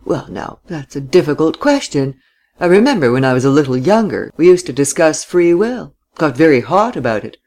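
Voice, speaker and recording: A reader voicing an old, courtly gentleman who babbles and fumbles with his words in a storybook reading. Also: mid-range voice, sing-song, moderate pace, husky, pitched above the performer's own voice. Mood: genial, babbling. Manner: babbling, hesitant, with little "eh? what?" tags.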